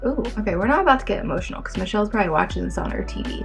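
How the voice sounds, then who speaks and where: A woman's voice: mid-range voice, expressive, very fast, creaky, soft background music. A young woman rambling casually to the camera in her bedroom, talking to her followers with lots of fillers. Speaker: vlogger. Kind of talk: casual chatty vlog.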